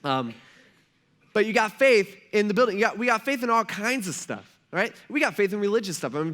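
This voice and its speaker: Male pastor with a high voice; loose, conversational preaching style with animated retellings. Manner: conversational, slangy, acts out quoted voices. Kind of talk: casual sermon. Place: church.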